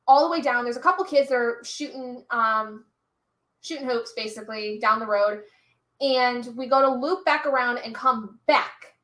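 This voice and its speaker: A young woman streamer with a high-pitched, fairly bright voice hosts a reading sprint, chatting casually to live viewers. She tells a story full of fillers and little laughs, and the room sounds echoey.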